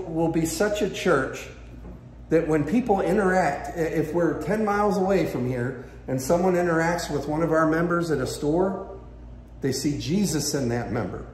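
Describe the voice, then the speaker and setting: A man's voice: fairly high pitch, darkish tone, echoey room. A male pastor preaching a sermon with passionate, emphatic delivery that builds in intensity. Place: church sanctuary.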